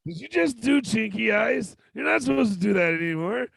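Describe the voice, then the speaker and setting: A man hosting a comedy show on a video call with loud, teasing, profane banter. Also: high-pitched, very animated, brisk, gravelly, slight background noise. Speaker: show host.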